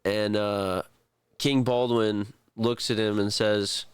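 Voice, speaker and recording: A man running a tabletop role-playing game, narrating in a relaxed, rambling way. His voice is low, smooth and clear, and he takes his time. The sound is dry and close. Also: slow, no echo. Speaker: game master.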